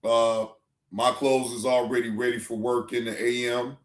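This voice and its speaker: A man's voice: mid-range voice, little pitch movement, moderate pace, reverberant. A man hosting a livestream in casual chat, rambling loosely with slang and swearing as he talks to his chat. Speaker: livestream reaction host.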